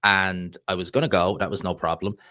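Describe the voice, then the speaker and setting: A Dublin Irish man with a fairly low voice talks loosely and chattily on his live stream, drifting from point to point as he answers viewers. The sound is dry and close, with no room around it. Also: little pitch movement, brisk, pushed and bright, no echo. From Ireland. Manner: rambling, chatty, reads viewer comments aloud. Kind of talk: casual live-stream chat about boxing.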